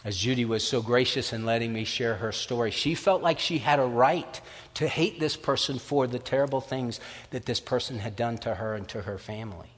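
A man preaching a sermon as pastor, lively and acting out the voices of doubters. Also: mid-range voice, normal speed. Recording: reverberant hall.

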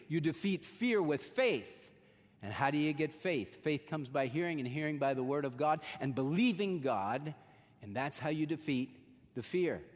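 A male pastor preaches in a fairly high voice. He swells into emphatic peaks and then sinks to soft, slow lines. His words ring out in a long hall reverb. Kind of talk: sermon.

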